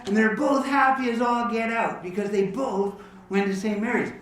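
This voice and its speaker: A man entertaining an audience, telling jokes and stories in a lively, animated way. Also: sits high, normal speed. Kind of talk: joke telling and storytelling to an audience. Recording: echoey hall, distant mic, faint guitar.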